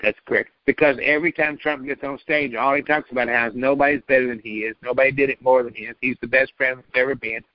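A man's voice: medium pitch, fairly even intonation, fast, hardly any pauses, dry recording. Man, rambling political talk, profane and mocking, dry close sound, dull lo-fi recording.

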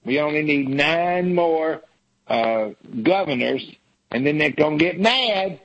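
A man's voice: fairly high pitch, expressive, slow, a bit bright. A man, co-hosting a talk radio show in casual, mocking banter. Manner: folksy, mocking, slips into comic voices for people he mocks. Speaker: radio co-host. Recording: dull lo-fi radio sound with faint noise.

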